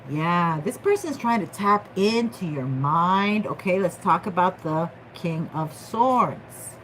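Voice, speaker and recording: Slow, playful woman reading tarot. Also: on the low side, expressive, fairly bright tone, slight background noise, low-quality recording. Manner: playful, giggly, slangy. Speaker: tarot reader. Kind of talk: casual tarot reading vlog.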